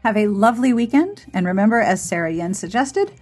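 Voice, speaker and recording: A woman hosting a podcast, talking casually and playfully as she wraps up the episode. Her voice is a little breathy, and soft music plays quietly behind her. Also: medium pitch, very animated, a little fast. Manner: chatty and playful, giggles at her own jokes. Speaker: podcast host.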